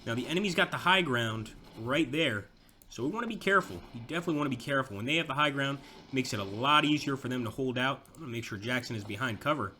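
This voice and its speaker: Excitable Southern man narrating a game battle. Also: mid-range voice, a little hiss or hum. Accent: American Southern. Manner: excitable, shouts at units during the battle. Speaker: gameplay commentator. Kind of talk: let's play commentary.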